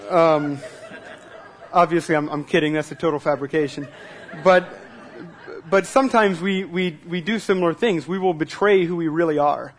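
A man preaching a sermon in a relaxed, conversational way at a church service, repeating words as he starts sentences and asking the congregation questions. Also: on the high side, moderate pace. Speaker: pastor.

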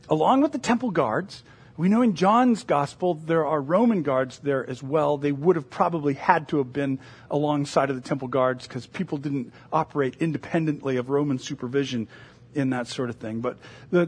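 A middle-aged man preaching a sermon as pastor, animated and telling stories, sometimes acting out other voices. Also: a little high, husky.

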